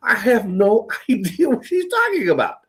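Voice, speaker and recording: High-voiced man telling rambling stories. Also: wildly swooping pitch, normal speed, breathy edge. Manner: profane, rambling, laughing often. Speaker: host. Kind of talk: casual storytelling chat.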